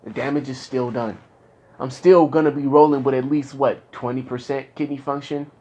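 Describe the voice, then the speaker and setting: Frustrated young man talking in halting bursts. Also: medium pitch, steady tone, warm tone, lo-fi sound. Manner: frustrated, rambling, halting restarts. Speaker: client in therapy. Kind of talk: candid casual talk.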